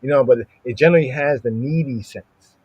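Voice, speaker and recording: A man's voice: medium pitch, brisk, slightly rough, dry recording, highs cut off. A man teaching a scripture lesson on a livestream, repeating words and asking "right?" again and again. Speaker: Bible study teacher.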